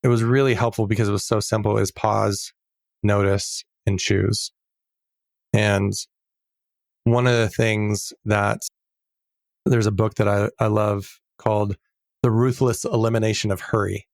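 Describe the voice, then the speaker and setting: A middle-aged man with a low, gravelly voice speaks earnestly as a podcast guest. He is reflective and draws out his key words. The sound is dry and close to the mic. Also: flat delivery, measured pace, pauses often, no room sound. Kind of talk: casual interview conversation.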